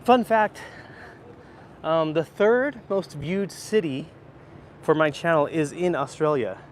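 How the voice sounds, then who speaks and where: A man's voice: fairly high pitch, slow, a little hiss or hum. A man in his thirties, live-streaming from a handheld phone while walking, chatting casually and rambling as he answers viewers' questions. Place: indoor library, then outdoor rooftop.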